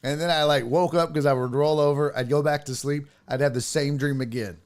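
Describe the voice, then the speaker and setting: A man's voice: on the high side, fairly even intonation, fairly quick. Rambling, profane man hosting a sports show. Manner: rambling, profane, laughs while telling stories. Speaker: sports podcast host. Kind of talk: casual livestream chat.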